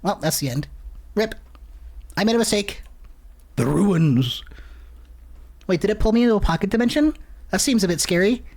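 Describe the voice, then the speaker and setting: A woman streaming a horror game, ranting and swearing with sudden shouts. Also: mid-range voice, lively intonation, moderate pace, long pauses. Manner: profane, exasperated rants with sudden shouts. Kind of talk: casual gameplay commentary.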